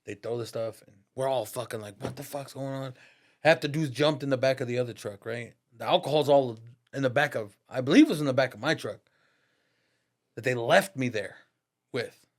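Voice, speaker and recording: A man on a podcast as the guest, telling a story in a casual, profane, slang-heavy way and laughing through it. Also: medium pitch. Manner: profane, slang-heavy, addresses listener as "dog"; laughs through his stories.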